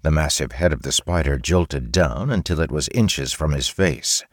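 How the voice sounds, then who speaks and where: A man narrating an audiobook in an expressive storytelling manner, recorded close on a studio mic. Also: very deep voice, normal speed, husky, no echo. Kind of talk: scripted narration.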